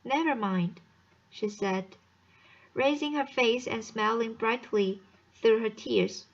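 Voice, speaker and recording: Slow, stumbling young woman reading aloud. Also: fairly high pitch, lo-fi sound. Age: young adult. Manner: slow, careful reading with frequent stumbles and restarts. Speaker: student reader. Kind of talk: audiobook reading of a novel.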